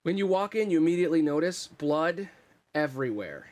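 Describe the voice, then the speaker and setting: A man's voice: on the high side, big pitch swings, fairly quick, a little mellow. A young man casually narrating a tabletop game as game master, with a loose, swearing, laid-back delivery.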